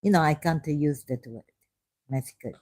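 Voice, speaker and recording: A woman's voice: deep voice, measured pace, darkish tone. A woman giving casual, sarcastic commentary while reading aloud from a screen. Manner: sarcastic, mocking. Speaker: video creator.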